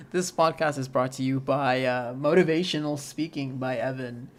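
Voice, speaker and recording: A man's voice: mid-range voice, fairly even intonation, a little slow. A young man hosting a podcast in casual chat, rambling with many fillers and frequent laughs. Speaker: podcast host.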